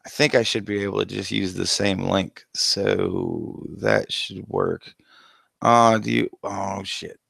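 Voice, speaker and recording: A man's voice: sits low, fairly even intonation, slow, gravelly, a bit bright, dry recording. A man hosting a casual call-in livestream, rambling and swearing and restarting his sentences, heard through a headset. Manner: rambling, profane, laughs often, restarts sentences.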